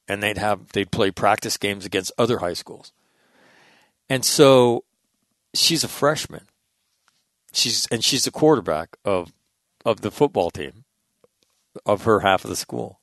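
Middle-aged guy rambling through stories, kinda low voice, lots of restarts, dry close sound. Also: no echo. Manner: rambling and animated, many restarts and casual swearing. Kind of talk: casual storytelling monologue.

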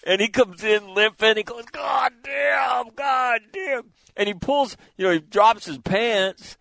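An older man hosting a casual chat, telling animated, laughing stories with crude swearing. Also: high-pitched, moderate pace, dry recording. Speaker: host.

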